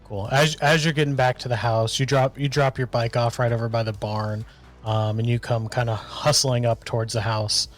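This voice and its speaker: A man's voice: medium pitch, level tone, normal speed, faint music behind. Male game master narrating loosely. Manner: loose, hesitant, full of restarts.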